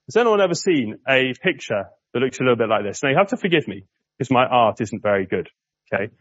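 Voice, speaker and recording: A man preaching a sermon in a church, chatting with the congregation and slowing down to stress key words. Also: mid-range voice, a bit bright, dry recording, dull audio. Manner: conversational, asks the congregation questions.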